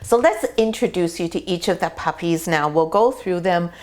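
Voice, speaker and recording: A woman's voice: on the low side, moderate pace, darkish tone. A middle-aged woman, a dog breeder, explaining puppy care in a chatty, step-by-step way while sitting in a whelping box indoors. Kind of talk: casual explainer video.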